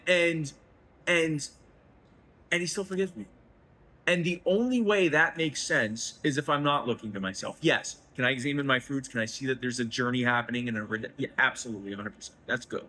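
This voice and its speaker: A man talking emotionally about his faith in a festival interview, rambling and self-deprecating, his voice leaping higher when he gets excited. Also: slightly rough, rough recording. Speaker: guest, head of a liberty organization. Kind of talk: emotional faith-filled conversation. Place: festival booth, indoors.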